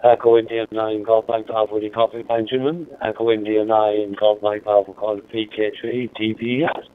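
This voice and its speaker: A man's voice: lowish voice, little pitch movement, normal speed. An Irish man chatting over a mobile radio, friendly and repeating his call sign. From Ireland. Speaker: amateur radio operator. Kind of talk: casual radio contact chat. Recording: narrow-band two-way radio audio.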